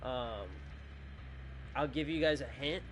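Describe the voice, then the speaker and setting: A man's voice: medium pitch, slow pace, noisy background. Tired, rambling young-sounding man. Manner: rambling, chatty, self-joking. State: sleepy, tired. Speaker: gaming channel host. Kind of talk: casual video outro chat.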